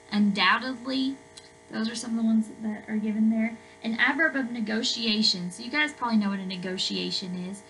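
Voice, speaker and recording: Gravelly-voiced woman teaching a grammar lesson. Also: medium pitch, fairly bright tone, low-quality recording. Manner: chatty, explains with everyday examples, many fillers. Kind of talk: recorded remote English lesson.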